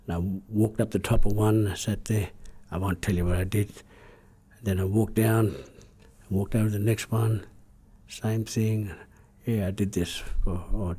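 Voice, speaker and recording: A man with an Australian accent tells an old story aloud, his voice low, mellow and husky. He moves in a measured, repeating cadence and often sinks to a hush. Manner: measured, repetitive cadence that drops to hushed tones. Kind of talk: oral storytelling.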